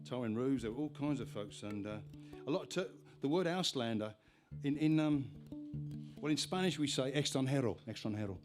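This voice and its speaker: A man's voice: mid-range voice, normal speed, over music. Rambling man chatting on stage. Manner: chatty, meandering, self-interrupting. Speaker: folk singer-songwriter performing live. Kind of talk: rambling stage patter between songs. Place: live music venue on stage. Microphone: stage vocal mic with monitor.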